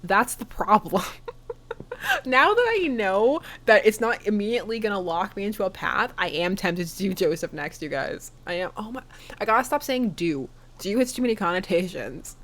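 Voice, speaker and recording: Woman streamer, giggly and chatty, animated pitch. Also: moderate pace. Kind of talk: casual game commentary.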